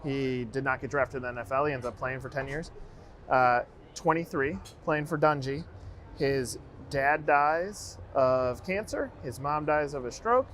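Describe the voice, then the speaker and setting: A man's voice: mid-range voice, unhurried, a bit bright, a little hiss or hum. Agreeable male podcast host. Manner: agreeable, short prompts and asides. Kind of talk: casual interview talk.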